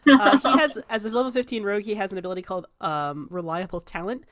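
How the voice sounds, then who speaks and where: A woman's voice: mid-range voice, expressive, fast. A woman narrating as game master, rambling with many fillers and casual swearing. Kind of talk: improvised tabletop narration.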